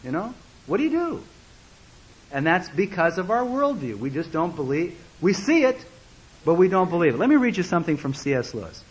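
A man preaching a sermon as a story, animated and repeating words, acting out the voices of the people in it. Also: high-pitched, a little fast, breathy edge, rough recording.

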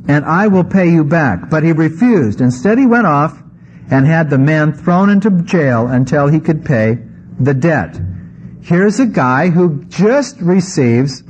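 A pastor preaching a conversational sermon, reading scripture and adding wry asides. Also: male voice, a little high, a little mellow. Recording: slightly muffled with faint background noise.

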